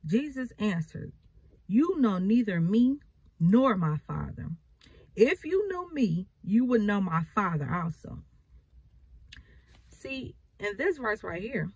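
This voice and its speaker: A woman's voice: mid-range voice, breathy edge, no room sound, low-quality recording. A woman preacher, reading scripture and explaining it with emphatic repetition. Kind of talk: bible reading and sermon.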